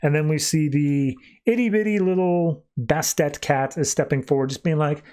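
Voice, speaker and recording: A man with a voice pitched a little above the usual male range retells a comic issue in a loose, chatty way. He slips into quick impressions of the characters, framing each one with "he's like.". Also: a little mellow, clean tone. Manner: loose storytelling that acts out quotes with "he's like". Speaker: podcast host. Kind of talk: casual comic book recap.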